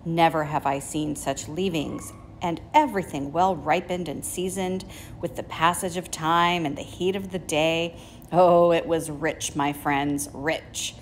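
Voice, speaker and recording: A woman voicing a bloated, gluttonous male rat in a storybook reading, with a husky, hoarse voice. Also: deep voice, steady tone, measured pace, a little hiss or hum. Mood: gloating.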